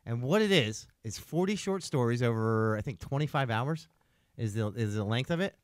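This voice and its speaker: A man's voice: medium pitch, animated, normal speed, dry recording. A man hosts a casual podcast, spinning a long, rambling story and checking in with "right?" every few lines. His voice sits in an ordinary middle range. The recording is dry and close. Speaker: podcast host.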